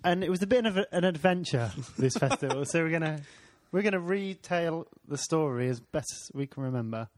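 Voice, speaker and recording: A man's voice: on the high side, lively intonation, brisk, hardly any pauses. A man co-hosting a podcast, teasing and laughing through casual banter. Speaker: podcast co-host.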